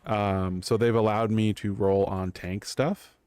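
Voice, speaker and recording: A man's voice: on the low side, fairly even intonation, a little slow, a little mellow, clean tone, dry recording. A man streaming live, telling a story in a loose, rambling way with lots of fillers. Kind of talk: casual chat.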